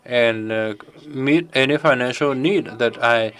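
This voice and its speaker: A man interpreting a conference Q&A live, halting as he picks his words. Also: medium pitch, fairly bright tone, clean tone.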